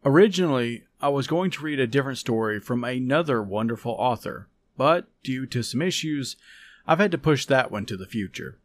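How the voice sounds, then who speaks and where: A man hosting a podcast, reading a story aloud in a calm, measured, soft-spoken way. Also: mid-range voice. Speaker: podcast host and story reader. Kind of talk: scripted story narration.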